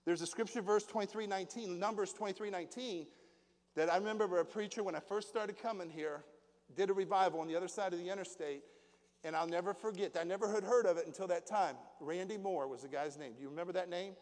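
A man's voice: sits high, fast talker, darkish tone. A middle-aged pastor preaching to his congregation in a folksy way, asking them questions as he goes. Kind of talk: sermon. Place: church hall. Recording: long hall reverb.

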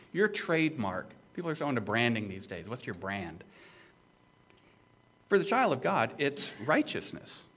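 A man's voice: medium pitch, a bit bright, breathy edge. A male pastor preaching an expository sermon, emphatic and conversational, with rhetorical questions to the listeners.

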